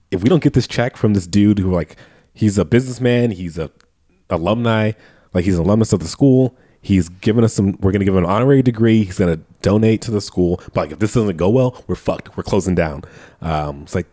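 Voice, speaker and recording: A man with a somewhat low voice chats through a film's plot on a podcast. He laughs often as he retells scenes, swearing freely in a loose, casual way. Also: fairly quick, warm tone. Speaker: podcast co-host. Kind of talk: casual movie-review chat.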